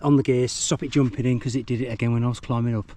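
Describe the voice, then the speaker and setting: Speaking in a warm mid-range voice with fairly even intonation, the man races through meandering, self-deprecating commentary as he rides a mountain bike he's reviewing on countryside trails.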